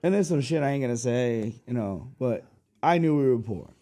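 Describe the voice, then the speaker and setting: A man's voice: mid-range voice, animated, moderate pace, mellow. A man from the United States, a guest in an interview, telling stories with heavy swearing and acting out others' lines. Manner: profane, acts out others' lines. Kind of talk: animated storytelling.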